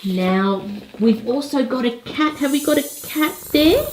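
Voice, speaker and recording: A woman slowly naming toy animals for children at home, coaxing them to make animal sounds. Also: high-pitched, animated, slight background noise. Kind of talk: slow explanatory narration for kids. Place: home room. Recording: echoey room with music behind.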